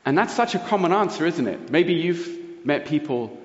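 A man's voice: on the high side, moderate pace, hardly any pauses. Man preaching in an echoing hall. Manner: earnest, lively storytelling. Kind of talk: sermon with personal storytelling. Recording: roomy hall reverb, dull lo-fi sound.

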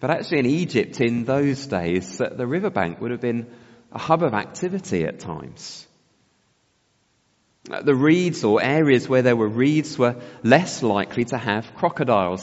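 A man's voice: medium pitch, big pitch swings, moderate pace. Man preaching in a reverberant hall. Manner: reflective, asks rhetorical questions. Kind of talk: sermon. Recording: long hall reverb, dull sound.

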